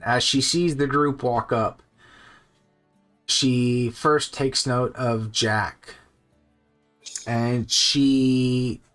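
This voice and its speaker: A man running a tabletop game as game master, narrating scenes in slow, descriptive, pausing speech. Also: medium pitch, fairly even intonation, fairly bright tone, soft background music. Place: home streaming setup.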